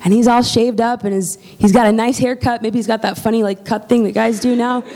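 Conversational woman preacher, fairly high voice. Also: fairly quick, slight background noise. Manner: lively, conversational, checks in with "okay?". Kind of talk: casual sermon storytelling.

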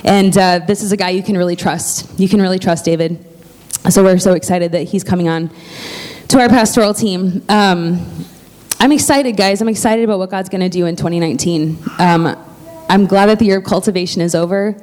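A woman's voice: lowish voice, fairly quick, darkish tone. Chatty woman pastor giving announcements. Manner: chatty and heartfelt, with lots of fillers and restarts. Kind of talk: church announcements from the pulpit.

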